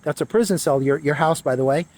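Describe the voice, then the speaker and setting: A man's voice: on the high side, fast, darkish tone. A man delivering an urgent, emphatic monologue to viewers, often repeating phrases for emphasis. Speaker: spiritual video creator. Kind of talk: preachy monologue to camera.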